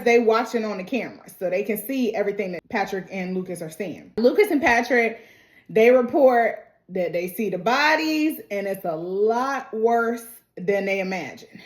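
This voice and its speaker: A woman's voice: fairly high pitch, lively intonation, moderate pace. A woman giving a casual, slangy recap of a TV episode, retelling the scenes and quoting the characters' lines. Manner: chatty, slangy, retells scenes with quoted dialogue. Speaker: TV recap vlogger. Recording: roomy echo.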